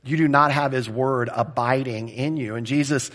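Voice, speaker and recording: A man's voice: medium pitch, steady tone, normal speed, fairly bright tone. A man preaching an expository sermon as a pastor, talking in a conversational and direct way and often checking in with the listeners.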